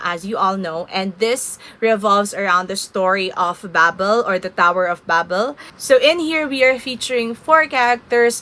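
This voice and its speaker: A woman's voice: medium pitch, bright, forceful tone. A young woman from the Philippines talking casually to camera in a reading vlog, gushing and emotional about a book. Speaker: book vlogger.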